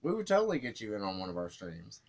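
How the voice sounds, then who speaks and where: A man's voice: fairly low pitch, huge pitch swings, quick pace. A man co-hosting a horror web series in casual chat, playful and jokey, backing up his friend.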